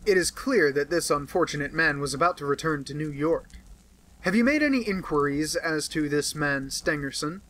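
A man reading an audiobook and voicing a sharp, amused male detective who presses with pointed questions. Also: a little high, normal speed, natural voice, low-quality recording. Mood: probing. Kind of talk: audiobook character voice.

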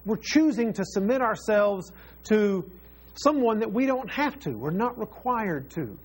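A man's voice: high-pitched, very animated, measured pace, husky. A man preaching a sermon as pastor, earnest and repeating phrases for emphasis.

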